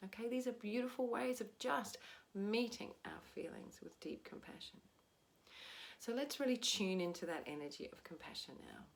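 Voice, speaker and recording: An Australian woman giving a soft, gentle spiritual talk as a teacher. She often checks in with "right?". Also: mid-range voice, moderate pace, gravelly.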